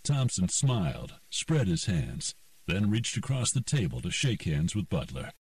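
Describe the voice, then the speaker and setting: A man narrating an audiobook in a steady, unhurried storytelling manner. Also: low voice, no room sound. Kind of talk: scripted narration. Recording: dry, slightly distant mic.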